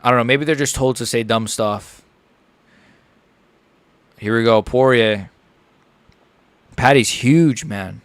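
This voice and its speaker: Dude streaming a live fight reaction, chatty and hyped, super dry close mic sound. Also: male voice, mid-range voice, takes it slowly, pauses often, clean tone, no room sound. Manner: chatty, excitable, lots of "like" and "bro". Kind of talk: casual live reaction commentary.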